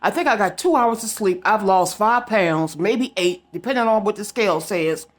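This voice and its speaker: A woman's voice: medium pitch, expressive, moderate pace. A woman telling a story straight to her viewers in a casual vlog, emphatic and direct. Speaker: psychic vlogger.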